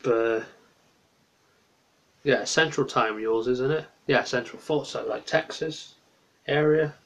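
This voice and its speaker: A tired man with a slow, creaky, mid-range voice chats late at night to his livestream viewers from a small bedroom. He rambles, drifts off topic, and answers chat.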